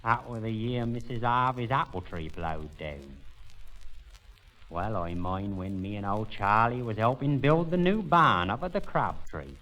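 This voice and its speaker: An actor playing a sly old countryman, telling deadpan tall tales in broad village in a comic monologue. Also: lowish voice, a little slow, dull audio. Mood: drawling. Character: old rustic countryman, sly, rambling yarn-spinner.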